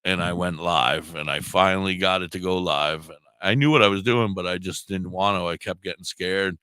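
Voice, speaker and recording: Low-voiced man with a sore throat. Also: moderate pace, smooth, no echo. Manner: animated, acts out quoted dialogue, swears freely. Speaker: puppeteer and live streamer. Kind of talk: casual storytelling on a radio talk show.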